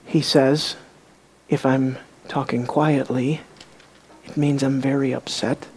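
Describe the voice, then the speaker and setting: A woman preaching a sermon, emphatic, swinging from raised questions to quiet, low emphasis. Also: flat delivery, slow pace. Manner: emphatic, rising and dropping to quiet for effect.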